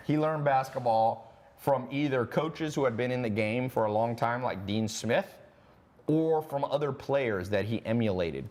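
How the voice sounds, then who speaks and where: Male host, casual sales livestream, brash and jokey, fast bursts, mid-pitched voice.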